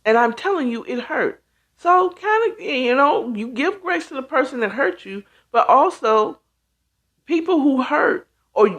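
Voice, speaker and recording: Woman host, casual monologue, slow and emphatic, lively pitch swings. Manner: emphatic, conversational, acts out quoted reactions. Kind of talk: casual talk show monologue.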